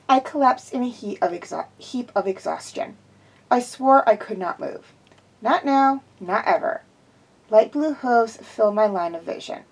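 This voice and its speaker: This woman's slightly high voice is gravelly, husky, and darkish, captured in a low-quality recording. She reads a first-person fan fiction story aloud like an amateur narrator, making frequent slips that she then corrects.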